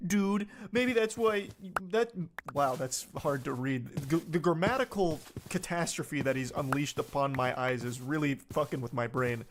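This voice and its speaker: A man's voice: on the high side, normal speed, noisy background. A man doing reaction commentary, reading text messages aloud in a sarcastic, incredulous way and swearing freely. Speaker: online commentator.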